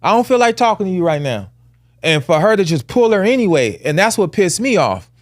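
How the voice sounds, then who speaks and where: Podcast host, male, fairly high voice, emphatic and heated, dry close sound. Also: big pitch swings, brisk, dry recording. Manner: emphatic, rising to heated telling of a story. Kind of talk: casual podcast talk.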